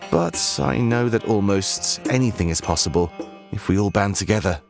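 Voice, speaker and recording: A man's voice: lowish voice, moderate pace, gravelly, soft background music. A man voicing an earnest young male fighter, a loyal ally, in a video game. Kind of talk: voiced game dialogue.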